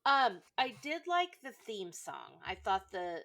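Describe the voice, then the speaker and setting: A woman co-hosting a casual podcast, her voice swinging widely in pitch. She giggles often, swears casually and throws in playful sound effects. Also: sing-song, measured pace, sharp tone. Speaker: podcast co-host. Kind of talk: casual chat.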